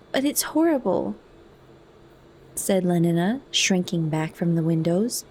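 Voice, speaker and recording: Soft, slow ASMR reader, a woman. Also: fairly low pitch, slight background noise. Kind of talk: ASMR audiobook reading.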